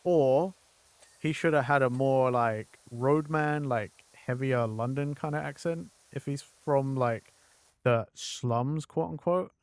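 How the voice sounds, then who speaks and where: A man's voice: mid-range voice, slow pace, darkish tone, no room sound. A man streaming a game, chatting casually and rambling with lots of fillers, slipping now and then into mock accents. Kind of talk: casual chat while gaming.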